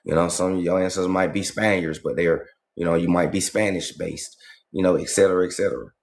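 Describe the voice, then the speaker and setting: A man from Georgia, holding forth in a casual livestream monologue, animated and full of profane slang. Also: low voice, a little fast, creaky. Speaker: livestream host.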